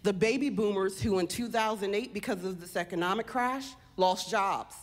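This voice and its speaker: A woman giving an earnest personal speech on stage, slowing down to stress her points. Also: mid-range voice.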